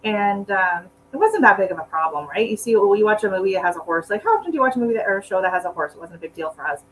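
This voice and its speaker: A woman's voice: mid-range voice, lively intonation, racing, fairly bright tone, slight background noise, rough recording. A middle-aged woman chatting casually on a gardening live stream at home, rambling between potting tasks and asides to her dog. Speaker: gardening channel host. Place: at home indoors.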